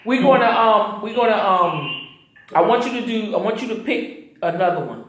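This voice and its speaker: A man's voice: high-pitched, animated, moderate pace, a bit bright. A man hosting a call-in show, chatting casually with a caller and laughing easily. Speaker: show host. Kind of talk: casual radio chat. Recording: very echoey sound.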